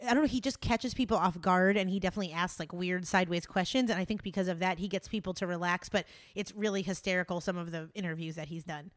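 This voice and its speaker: A woman's voice: lowish voice, quick pace, hardly any pauses, no room sound. Chatty giggly woman, dry close mic. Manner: giggly, chatty, animated storytelling. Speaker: podcast co-host. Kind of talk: casual chat.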